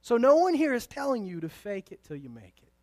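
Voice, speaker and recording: A man preaches with a high, bright-edged voice, caught on a dry, close microphone. He drives his points home with emphatic bursts, then drops to hushed, conversational asides. Little playful remarks keep the sermon personal. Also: very animated, fairly quick, no echo. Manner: emphatic, swings from loud to hushed. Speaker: pastor.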